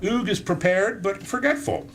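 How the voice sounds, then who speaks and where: With a high-pitched, fairly bright voice at a moderate pace, a man reads from his own book to a live audience indoors. He keeps interrupting himself with joking, self-deprecating asides.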